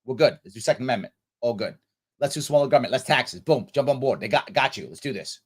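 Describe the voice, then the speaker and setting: A man's voice: mid-range voice, animated, fast, breathy edge. A man hosting a casual livestream Q&A, telling stories animatedly and acting out other people's voices. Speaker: livestream host answering viewer questions.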